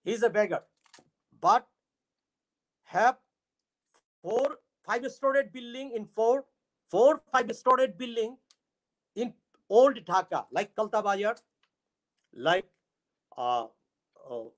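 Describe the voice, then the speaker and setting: A man from Bangladesh with a Bangladeshi accent, giving a casual monologue in halting English and often stopping to search for words. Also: high-pitched, lively intonation, a bit bright. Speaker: astrologer and YouTube creator.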